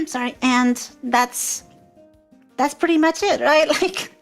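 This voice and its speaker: A woman interviewing a fellow streamer, rambling in a casual chat with lots of fillers and frequent throat clearing. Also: high voice, takes it slowly, soft background music. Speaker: guest interviewer.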